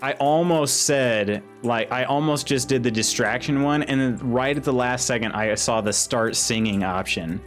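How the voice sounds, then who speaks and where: Male game streamer, mid-pitched, giggly, chatty, faint music behind. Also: moderate pace, hardly any pauses. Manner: giggly, exclaiming, reading chat aloud. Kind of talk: casual live-stream commentary.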